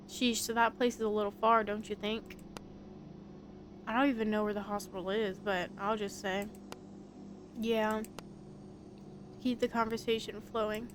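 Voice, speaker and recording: A woman's voice: mid-range voice, level tone, moderate pace, pauses often, slight background noise. Congested female gamer talking casually between lines. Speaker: let's-play gamer. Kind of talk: casual aside while playing.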